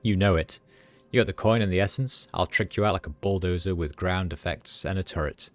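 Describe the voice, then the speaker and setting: A man's voice: deep voice, fairly even intonation, brisk, fairly bright tone, no echo, soft background music. A man voicing a hungover, cheerful, middle-aged male street doctor with a loose Midwestern accent and words piling together, jokey and boastful. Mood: easygoing. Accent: Midwestern American. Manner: jokey, laid-back, boastful. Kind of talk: reading game dialogue aloud on a livestream.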